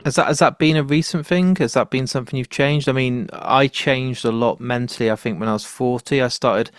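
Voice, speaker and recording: A man hosting a podcast who chats in an animated way, tells stories and swears casually. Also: medium pitch, a little fast, clean tone, no room sound, clean studio sound. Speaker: podcast host. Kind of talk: casual conversational interview.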